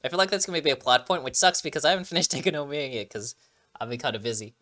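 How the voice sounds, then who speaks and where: A man casually chatting through a game trailer reaction, excitable and rambling with lots of fillers and restarts, sounding like he just woke up. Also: on the high side, very fast.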